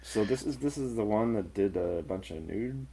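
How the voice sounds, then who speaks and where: Deep-voiced man rambling through film banter. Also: animated, normal speed, over a noisy crowd. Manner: rambling, swears freely. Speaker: radio show co-host. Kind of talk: casual chat reviewing a film.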